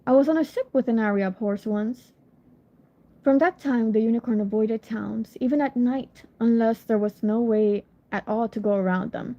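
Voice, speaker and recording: A woman's voice: fairly high pitch, dark tone. Woman reading a story aloud by phone. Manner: casual, apologetic asides between passages. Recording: lo-fi phone recording.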